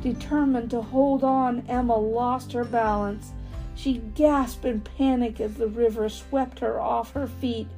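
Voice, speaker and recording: A woman reading a children's storybook aloud, expressive with dramatic pauses. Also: on the high side, faint music behind.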